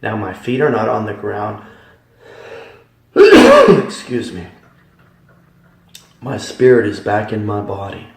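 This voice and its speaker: A man's voice: fairly low pitch, wildly swooping pitch, takes it slowly, vocal fry, long pauses. A man giving a religious testimony, telling his story in an emphatic, repetitive, dramatic way. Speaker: testimony speaker. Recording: echoey room, voice from far off.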